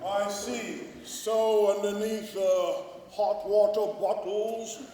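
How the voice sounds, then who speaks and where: A man's voice: high voice, level tone, takes it slowly, dark tone, slight background noise. A man playing a pompous late-night news interviewer in a live comedy sketch, questioning with dry mock seriousness. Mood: probing. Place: large old church used as a cabaret venue. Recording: echoey church hall from far off.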